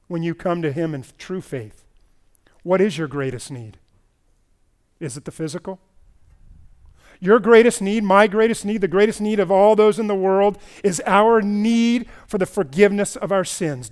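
At a church service, a pastor preaches a sermon that alternates between loud, emphatic stretches and quiet, low passages.

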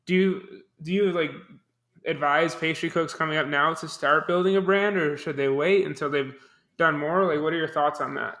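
Bright-voiced, hesitant young man. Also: a little high. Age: young adult. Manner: hesitant, halting, many fillers. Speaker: interviewer. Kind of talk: interview questions.

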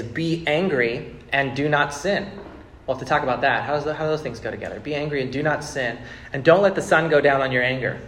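A man's voice: mid-range voice, reverberant, a little hiss or hum. A man in his thirties preaching a sermon to a congregation, talking casually, repeating words and building to emphatic bursts. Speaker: pastor. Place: church sanctuary with congregation.

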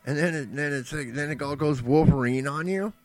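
A man's voice: a little high, fairly quick. A man co-hosting a podcast in casual chat, joking and rambling, often slipping into mock voices for laughs. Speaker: podcast co-host.

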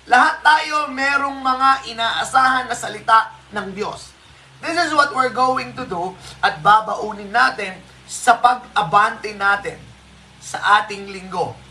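A devotional preacher with a Filipino accent, giving a live morning sermon slowly and emphatically and repeating key phrases. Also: mid-range voice, bright, forceful tone, slight background noise, poor audio. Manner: slow and emphatic, repeats key phrases, switches between English and Tagalog.

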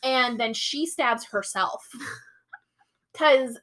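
A young woman hosts a laid-back podcast, recapping a novel's plot with quoted character voices and lots of swearing. Her voice is a little high and slightly bright, and she speaks extremely slowly.

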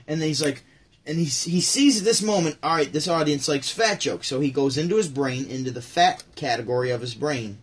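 A man hosting a daily show, chatting casually and telling stories in a rambling, animated way with many restarts. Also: mid-range voice, a little fast, husky. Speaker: host. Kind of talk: casual chat.

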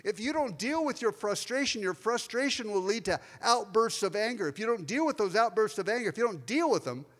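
Male pastor, higher voice, confessional storytelling sermon, long church reverb. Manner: personal, confessional storytelling with asides to listeners. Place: church sanctuary.

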